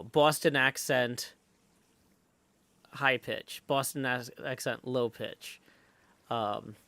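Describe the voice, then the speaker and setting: A man's voice: medium pitch, a bit bright, no room sound. A man live streaming while he plays, chatting casually and thinking aloud with lots of fillers, and greeting viewers in the chat.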